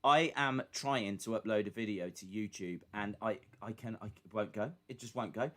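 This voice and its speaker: A man's voice: fairly low pitch, moderate pace, fairly bright tone. A man with a British accent co-hosting a live stream, chatting casually in a playful, teasing way. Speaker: podcast co-host.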